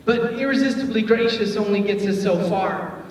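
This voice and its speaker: Guy from detroit giving a chill youth sermon, kinda high voice, lots of "like", big echoey hall. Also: normal speed. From Detroit, USA. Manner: chatty and joking, many filler "like"s. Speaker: youth pastor. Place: church hall. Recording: echoey hall, voice from far off, faint noise.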